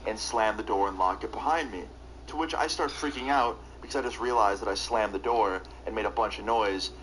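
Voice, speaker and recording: A man's voice: fairly low pitch, a bit bright. Young man rambling a story, noisy stream. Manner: casual, rambling, heavy on "like". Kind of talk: storytelling while live gaming.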